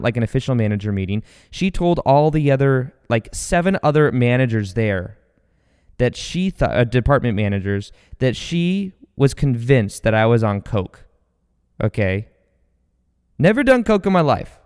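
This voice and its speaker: Guy rambling through stories on his podcast, smooth clear voice, long echo behind him. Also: mid-range voice. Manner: rambling, energetic, with many fillers and restarts. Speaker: podcast host. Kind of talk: casual storytelling monologue. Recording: long hall reverb.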